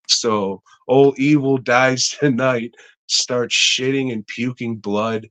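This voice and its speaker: A man on a podcast recaps a film at an unhurried, drawn-out pace. His voice sits at an ordinary middle pitch, and he swears freely and chuckles as he rambles through the story. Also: fairly even intonation, a bit bright. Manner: profane, laughing, slow rambling retelling. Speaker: podcast co-host. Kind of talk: casual movie recap.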